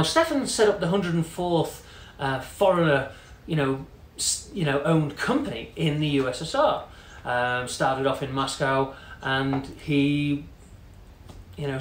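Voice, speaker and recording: A man telling a long story in a chatty, casual way, full of "you know" fillers and quoted voices. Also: a little high. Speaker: company CEO telling a story. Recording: echoey room with faint noise.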